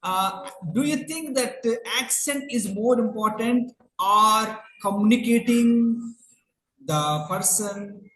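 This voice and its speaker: A man's voice: high voice, takes it slowly, fairly bright tone. Polite hesitant male interviewer, echoey. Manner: hesitant, many "uh" fillers, polite. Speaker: host, interviewer. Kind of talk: interview questions. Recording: echoey room.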